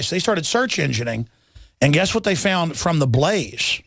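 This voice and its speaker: With a high-pitched, bright voice and lively intonation, a middle-aged talk radio host reads headlines and rants in a heated, rambling way at a normal speed, often repeating words when he's agitated. The recording is dry.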